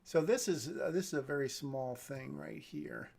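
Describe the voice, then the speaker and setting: Guy with a gravelly voice, reading a script on stream and chatting about it, lots of i don't knows. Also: on the high side, normal speed, darkish tone. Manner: thinks aloud, hedging and self-correcting. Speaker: script reader giving feedback. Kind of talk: live-streamed screenplay read with commentary.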